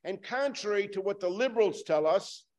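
Emphatic preaching man, rather high voice. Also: expressive, moderate pace. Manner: emphatic, repeats for stress, swings from loud to hushed. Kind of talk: sermon.

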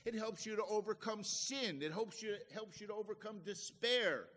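A man's voice: high-pitched, moderate pace, fairly bright tone, long reverb tail. A man preaching a sermon as a pastor, with folksy, conversational asides.

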